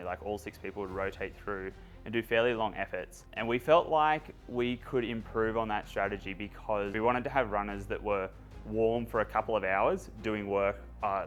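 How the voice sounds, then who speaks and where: A man's voice: fairly low pitch, fairly quick, soft background music. A man explaining a running strategy step by step in a casual interview. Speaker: runner and narrator.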